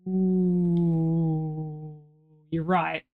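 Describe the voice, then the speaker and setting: A woman's voice: low voice, little pitch movement, extremely slow, narrow, tinny audio. A woman streaming a game, chatting playfully with her viewers and often repeating words as she talks. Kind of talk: casual chat with stream viewers.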